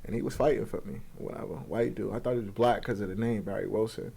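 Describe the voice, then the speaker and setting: A young man, guesting in a casual interview, recounts his life story with animation, acting out quoted voices and using profane street slang. He talks fast in a lowish, gravelly voice, with slight background noise.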